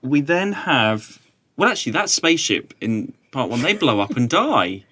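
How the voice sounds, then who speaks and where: A man's voice: mid-range voice, very animated, normal speed, a bit bright, slightly rough. A man co-hosts a casual podcast chat. He talks in an easygoing way and laughs often. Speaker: podcast co-host.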